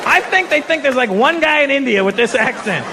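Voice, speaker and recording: A man from Canada doing stand-up with a high, lively voice, telling animated stories. A loud crowd and heavy noise fill the live recording. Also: fairly quick. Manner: animated storytelling, profane, voices quotes. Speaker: stand-up comedian. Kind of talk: stand-up comedy. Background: laughing crowd.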